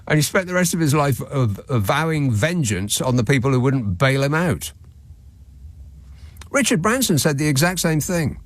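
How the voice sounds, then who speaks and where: A man's voice: fairly high pitch, sing-song, moderate pace, slight background noise. A male radio talk show host, sardonic and chuckling as he reads out listener messages and comments on them. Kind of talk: late-night radio phone-in monologue. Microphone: studio microphone.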